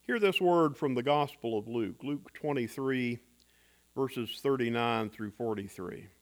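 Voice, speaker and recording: A man preaching a sermon in a measured, reflective way, pausing for effect. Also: medium pitch. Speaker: pastor.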